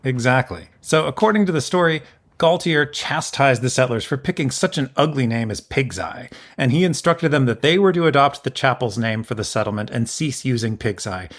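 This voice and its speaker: A man's voice: medium pitch, animated, moderate pace. Wry male history podcast host. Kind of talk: casual storytelling about local history.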